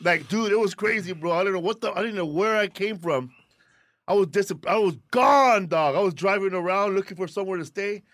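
A man in his forties cuts in with brief, slangy remarks during relaxed podcast talk. His voice sits notably high for a man, and it is recorded dry and close. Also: a little fast, no echo. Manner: chiming in with short interjections, slangy. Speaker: comedian. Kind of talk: casual chat.

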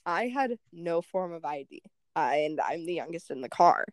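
A young woman co-hosting a podcast, telling a story in lively casual chat, swearing and acting out what people said. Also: low-pitched, normal speed, no room sound. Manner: animated, swearing, acts out quotes. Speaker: podcast co-host.

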